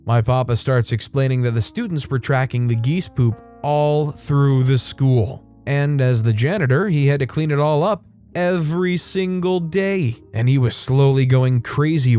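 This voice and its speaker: A man reads online stories in a scripted storytime delivery and drops casual, wry asides along the way. His voice sits somewhat high for a man. Faint music plays softly behind him. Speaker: story narrator.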